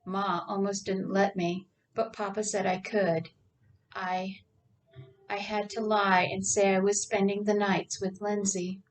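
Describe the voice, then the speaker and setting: A woman's voice: medium pitch, little pitch movement, a little slow, recorded from a distance, natural voice. Woman reading a sarcastic young woman. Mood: wry.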